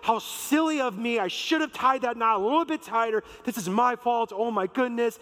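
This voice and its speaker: Guy doing a worried peasant woman, self-blaming, highish voice, big hall echo. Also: moderate pace, fairly bright tone, lightly acted. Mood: fretful. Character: anxious peasant woman who lost a coin. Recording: long hall reverb.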